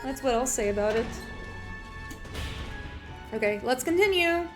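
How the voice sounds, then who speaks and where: A young adult woman streamer giving live let's play commentary, rambling and animated with lots of fillers and restarts. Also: sits high, unhurried, music in the background.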